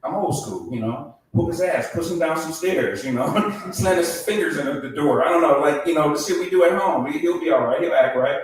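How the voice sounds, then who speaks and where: A man's voice: fairly high pitch, fairly quick, hardly any pauses, very echoey, distant mic, poor audio. A middle-aged man performing a stand-up comedy set, acting out voices and laughing at his own jokes.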